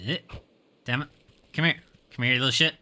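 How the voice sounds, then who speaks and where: Speaking fairly quickly with a steady, pushed and bright tone, a medium-pitched man gives casual commentary while streaming a video game. He reads item descriptions out loud and mutters offhand asides in between.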